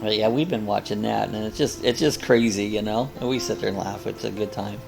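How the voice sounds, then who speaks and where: An older man hosts a casual live coffee chat over music, rambling and chuckling while reading viewer comments aloud. His voice is lowish and brisk, with vocal fry.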